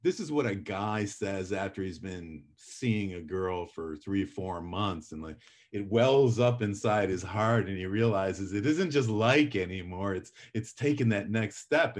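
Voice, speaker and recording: A middle-aged man teaching a public speaking class, lecturing with lively shifts in volume and pace to demonstrate his points. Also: on the low side. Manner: animated, varies volume and pace for effect.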